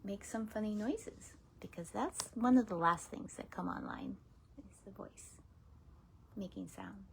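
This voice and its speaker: A woman teaching laughter yoga in a casual, gentle coaching way, often dropping into whispers and playful laughs. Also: medium pitch, a little slow, vocal fry, a little hiss or hum. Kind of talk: casual spoken guidance.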